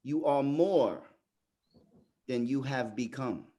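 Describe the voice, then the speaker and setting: A man voicing the spirit of a wise old lion king, speaking slowly and gravely in a hushed voice. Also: medium pitch, voice pushed down. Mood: solemn.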